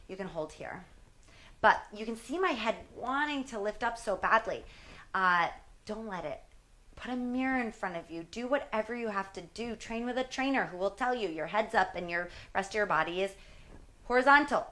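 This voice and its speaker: A woman's voice: medium pitch, animated, normal speed, fairly bright tone. A woman in her forties, a fitness instructor, chatting casually while demonstrating exercises, sometimes strained from the effort. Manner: chatty, self-deprecating, talks while exercising. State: strained from exertion.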